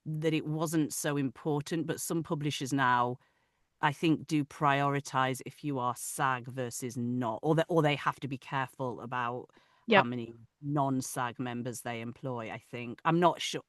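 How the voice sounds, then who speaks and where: A woman with a Manchester accent, an audiobook narrator chatting in an interview over a video call; she laughs often and lets her sentences trail off softly. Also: very deep voice, no room sound, studio quality. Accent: Manchester English. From Manchester, England. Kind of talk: casual interview chat.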